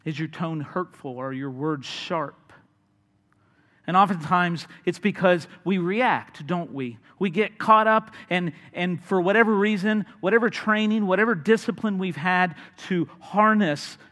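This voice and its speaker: Slow-paced male preacher in a reverberant hall. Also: high-pitched. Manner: earnest, builds to animated storytelling with acted voices. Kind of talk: sermon.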